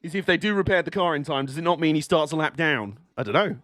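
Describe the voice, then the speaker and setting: A man streaming a live watch-along of a motor race, excitable and sweary, laughing often as he reacts. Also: a little high, fast, no echo, studio quality.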